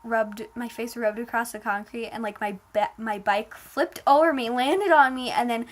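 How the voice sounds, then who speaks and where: A woman's voice: fairly high pitch, moderate pace, slight background noise. A woman casually telling a personal story. She fills her talk with "like" and retells it in a dramatic, emotional way.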